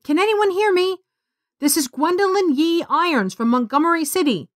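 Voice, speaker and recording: A woman voicing a frightened teenage girl stranded after a crash, with desperate, shrill outbursts. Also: animated, normal speed, no room sound, studio quality. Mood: pleading.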